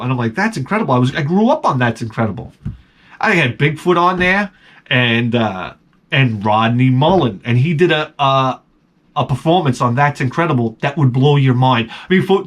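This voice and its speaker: Middle-aged man, casual storyteller, rambling, jokey, mid-pitched voice that jumps up when excited. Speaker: video host.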